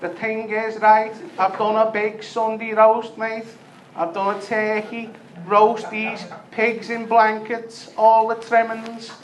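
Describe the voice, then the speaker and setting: A man's voice: sits high, monotone, slow, slight background noise, voice pushed up. A man putting on a wheedling Scouse chancer. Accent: Liverpool.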